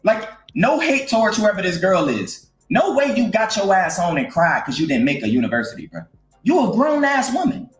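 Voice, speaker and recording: A man's voice: high-pitched, very animated, normal speed. A man giving blunt, slangy, scolding commentary on a stream. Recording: roomy echo with faint music.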